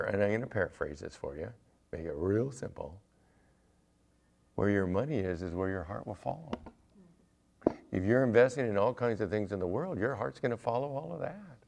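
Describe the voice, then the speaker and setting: A man preaching a sermon as pastor, lively and playful, acting out small everyday scenes with humor. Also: fairly low pitch, creaky. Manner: animated, acts out little scenes with humor.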